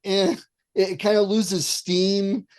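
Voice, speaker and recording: A man co-hosting a podcast, telling game-night stories in a lively, animated way and laughing as he goes. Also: sits high, moderate pace. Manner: animated storyteller, acts out lines with laughs. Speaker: podcast co-host. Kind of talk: casual chat.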